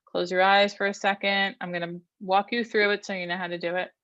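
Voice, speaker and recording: A woman therapist leading an online workshop, calmly guiding a breathing exercise and teaching, counting slowly and giving instructions. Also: medium pitch, no echo, lo-fi sound. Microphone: online video call.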